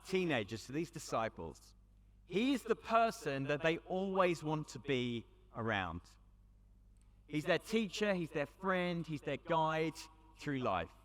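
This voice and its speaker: British man preaching in a reverberant hall. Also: a little high. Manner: storytelling, conversational, dramatic pauses. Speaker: youth event speaker. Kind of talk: preaching talk to young audience. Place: large hall with audience.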